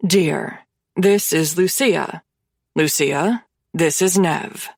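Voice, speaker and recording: A woman voicing a young male mafia boss who speaks smoothly and curtly, with stern coldness. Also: sits low, very slow, a little mellow, no echo, clean studio sound, exaggerated voice.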